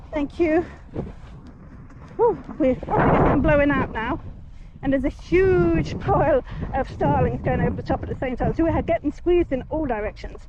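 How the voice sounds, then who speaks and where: A woman talks casually from horseback on a busy road, telling a story and murmuring praise to her horse. Her voice sits high. The muffled, dull recording is full of traffic noise. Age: 40s. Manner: chatty, soothing her horse, thanking passing drivers. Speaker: horse rider vlogger. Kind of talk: casual story-time chat while riding. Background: passing traffic.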